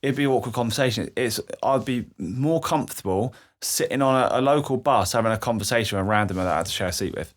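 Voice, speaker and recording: A man's voice: medium pitch, fast talker, few pauses. A young man, a podcast guest telling a candid personal story with emotion, swearing freely. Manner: emotional, swears freely, acts out quoted voices.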